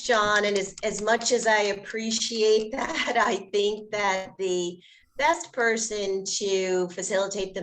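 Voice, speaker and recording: A woman's voice: mid-range voice, rough recording. A woman at a club meeting, politely handing the chairing duties to a colleague. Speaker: club officer. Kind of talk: meeting remarks.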